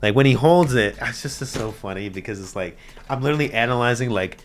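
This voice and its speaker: A man giving casual, animated reaction commentary on an anime episode, moving from mumbled asides to loud outbursts and frequent laughter. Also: mid-range voice, quick pace.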